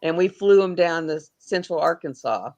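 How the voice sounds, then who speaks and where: A woman's voice: fairly low pitch, animated, moderate pace, a little mellow. A woman hosting a livestream, telling rambling, folksy stories in casual chat. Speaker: livestream host.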